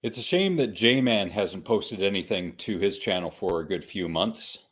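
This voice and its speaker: A man's voice: low-pitched, expressive, moderate pace, fairly bright tone, slightly rough. A male podcast host in casual chat. He jokes, laughs often and repeats himself as he steers the show.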